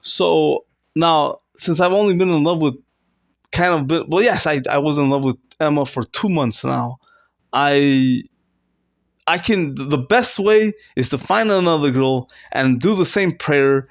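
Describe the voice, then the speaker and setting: A man rambling through an improvised, self-mocking comedy monologue, with fillers and restarts. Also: unhurried. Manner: rambling, self-mocking, with sudden squeaky fake sobbing. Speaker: comedy vlogger. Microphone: close to camera.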